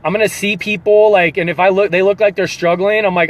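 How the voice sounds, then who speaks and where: An earnest man in a motivational pep talk, his voice sitting fairly high for a man. He speaks like a fitness coach and drives his points home by repeating them. He sounds emotional, close to tears. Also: steady tone, fast talker. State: holding back tears.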